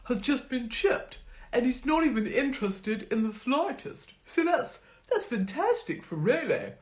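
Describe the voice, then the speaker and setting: A woman voicing a posh, well-to-do man, hearty and oblivious, with a plummy, booming, overly cheerful manner. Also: big pitch swings, measured pace.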